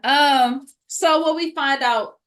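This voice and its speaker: Brief: woman podcast co-host, slightly high voice, lively slangy recap talk. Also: slow pace. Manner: animated, slangy, recounts scenes with voiced quotes. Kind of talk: casual chat reviewing a reality show.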